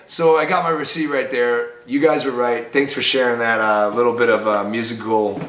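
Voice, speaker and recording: Excitable chatty man opening mail. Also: mid-range voice, normal speed, few pauses. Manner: chatty, easily excited, loud outbursts. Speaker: bar owner and vlogger. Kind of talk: casual mail-opening vlog. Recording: echoey room, faint background noise.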